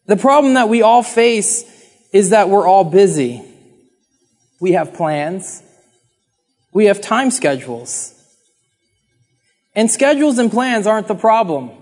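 Male preacher with a very high voice, earnest and chatty with the congregation, church hall reverb. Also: big pitch swings, a little slow, long pauses, darkish tone, faint music behind. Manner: earnest, conversational, acts out pleading prayers. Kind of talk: sermon.

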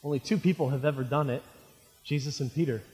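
Animated, jokey male pastor, high voice. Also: fast. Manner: animated, jokey, addresses audience as friends. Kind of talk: sermon. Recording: reverberant hall.

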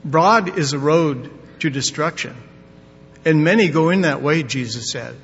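A man's voice: measured pace, fairly bright tone, husky. An older man preaching a sermon in a folksy, emphatic way, mixing scripture with corny jokes. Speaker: pastor. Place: church sanctuary. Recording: dull long-reverb hall with faint rumble.

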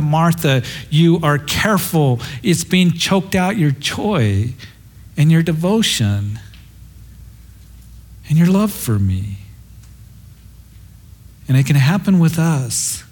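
Earnest middle-aged male pastor preaching. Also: fairly high pitch. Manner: earnest, reflective, quotes scripture tenderly. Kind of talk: sermon.

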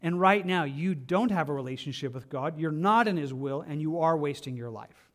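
A man preaching a sermon as pastor, impassioned, repeating phrases and swinging from loud emphasis to quiet asides. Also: fairly high pitch, expressive, moderate pace. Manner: impassioned, rises and drops sharply for emphasis.

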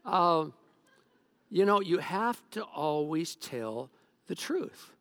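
A man's voice: on the high side, takes it slowly, vocal fry, dry recording, clean studio sound. A middle-aged man preaching a sermon as a pastor, telling stories from home and joking with the congregation. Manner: animated, joking storyteller.

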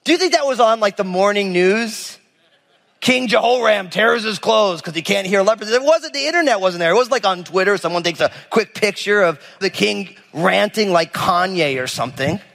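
High-voiced preacher in a reverberant hall. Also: male voice, moderate pace, vocal fry. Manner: animated, acts out biblical figures in casual voices. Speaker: pastor. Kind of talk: sermon.

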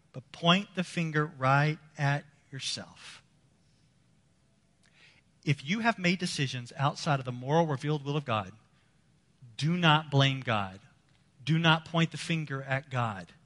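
A male pastor preaching a sermon, swinging between loud emphasis and hushed low passages. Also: long reverb tail.

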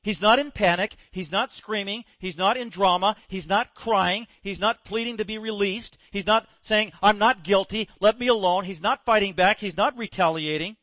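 A man's voice: high voice, moderate pace, few pauses, dry recording. A man preaching a sermon, telling a story with energy and acting out the quoted voices. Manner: animated storyteller, acts out quotes. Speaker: pastor.

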